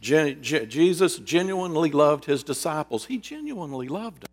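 A man preaching a sermon, with dramatic pauses and rhetorical questions that he then answers himself. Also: a little high, sing-song, long reverb tail. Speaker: pastor.

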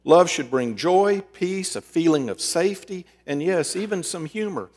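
A man preaching a sermon, with dramatic pauses and rhetorical questions that he then answers himself. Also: high voice, lively intonation, a little mellow, in a large hall. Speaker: pastor.

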